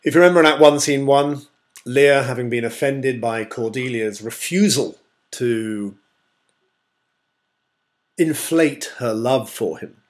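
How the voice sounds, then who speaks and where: An English male teacher giving a measured, explanatory screencast lecture with many pauses. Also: mid-range voice. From England.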